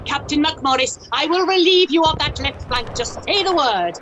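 An actress playing a fussy, scolding army captain. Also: female voice, sits high, animated, normal speed, highs cut off, noisy background. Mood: curt. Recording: battle sound effects behind.

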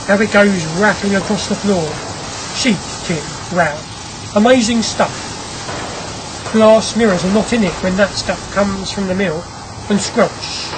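A narrator voicing a brisk, commanding ironworks owner. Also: mid-range voice, background noise, close to an everyday voice. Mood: eager. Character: ironworks owner, a grim restless man. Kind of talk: audiobook character reading.

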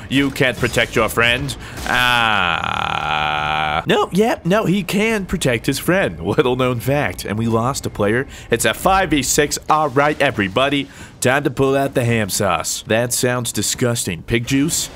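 Young man, hoarse, goofy gameplay commentary, lively swooping pitch, faint background hiss. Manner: goofy, self-mocking, excitable yelps. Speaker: gaming YouTuber.

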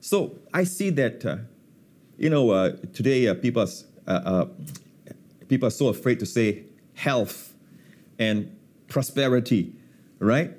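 A man preaching to his hosts in a lively, emphatic way. He leans hard on single words and repeats them, and he fills the pauses with plenty of uhs. His pitch sits in the middle for a man. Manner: emphatic, repeats key words, frequent uh fillers. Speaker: pastor and guest. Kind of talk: teaching sermon in a talk-show interview.

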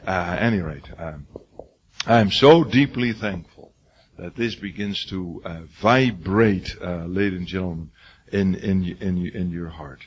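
An older man teaches a class, his low voice hoarse and raw. He drives points home by repeating words and often restarts his sentences. The muffled, lo-fi recording dulls his husky tone. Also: measured pace. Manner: emphatic, repetitive, stumbling restarts. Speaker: lecturer. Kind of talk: classroom lecture.

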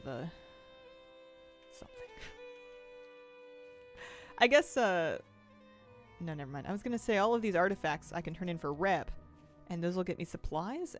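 Lively chatty woman streamer. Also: lowish voice. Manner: chatty, rambling, laughs often. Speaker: game streamer. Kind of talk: casual live-stream chat while gaming.

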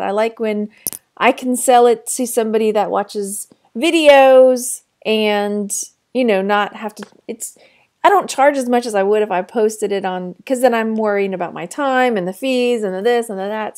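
A middle-aged woman from Texas giving a casual weekly sales update as an online reseller, chatty with frequent fillers. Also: mid-range voice. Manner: chatty, warm storytelling with frequent fillers and laughs.

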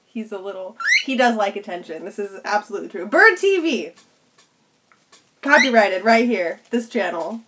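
A woman's voice: mid-range voice, brisk, noisy background. A woman streaming cosplay work from home, chatting casually with viewers and her pet bird, laughing often. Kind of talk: casual live stream chat.

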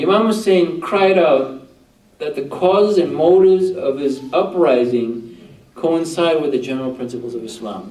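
Recorded at a distance in an echoey room, a man with a slightly high, slightly mellow voice delivers a religious talk to a group. As their teacher, he frequently poses rhetorical questions to his audience.

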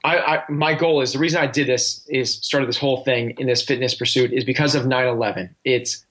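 In a steady, mid-range, slightly bright voice, a podcast coaching guest talks briskly and earnestly. His casual interview answers are full of restarts and fillers.

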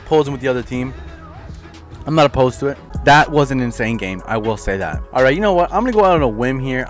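Excitable young man swearing over gameplay. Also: medium pitch. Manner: excitable, swears a lot, yells at plays, trash-talks opponents. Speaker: gaming YouTuber. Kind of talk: live gameplay commentary.

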